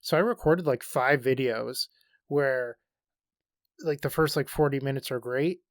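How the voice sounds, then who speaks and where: A man's voice: mid-range voice, a little slow, no echo, clean studio sound. A man co-hosting a podcast in casual chat, jumping in eagerly to explain things. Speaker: podcast co-host.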